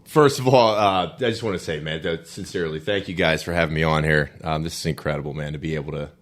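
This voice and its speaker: A man's voice: very deep voice, quick pace. A male guest athlete chatting casually on a podcast, grateful and upbeat, often saying "man.".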